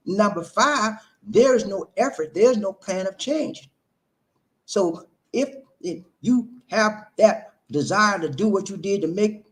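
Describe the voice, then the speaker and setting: A man, hosting an emphatic, preachy monologue on relationships, full of repetition and rhetorical questions. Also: fairly high pitch. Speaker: relationship talk host.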